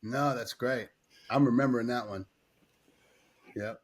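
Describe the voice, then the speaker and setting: A man's voice: medium pitch, measured pace, breathy edge, no room sound. A man hosting a podcast, chiming in with short agreeing remarks. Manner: frequent short agreeing backchannels. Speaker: podcast host. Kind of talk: casual podcast chat.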